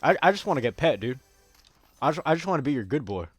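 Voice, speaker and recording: A man's voice: a little high, sing-song, fast talker, breathy edge, no echo, soft background music. A man giving casual gameplay commentary, rambling and joking crudely with a lot of swearing. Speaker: gaming streamer.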